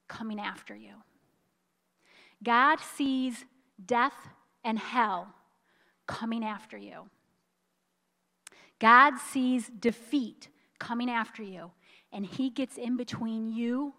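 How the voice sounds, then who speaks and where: A woman preacher delivers a sermon in a fairly high voice, telling a story emphatically and slowing down on key lines. She sounds choked up with emotion at times. Her voice carries a long reverb, as in a church hall. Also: creaky, fairly bright tone.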